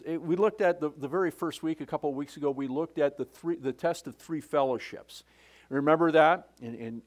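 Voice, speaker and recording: A male pastor preaching a sermon in a church. He often stops and restarts, repeating words, and makes casual asides to the congregation. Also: fairly high pitch. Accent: Canadian English. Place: church sanctuary.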